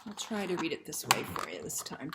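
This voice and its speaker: A woman librarian with a deep, sing-song voice reads a picture book aloud to children at a fairly quick pace. She's gentle and soft-spoken, often slipping into a hushed near-whisper and asking the kids questions. The recording is very noisy.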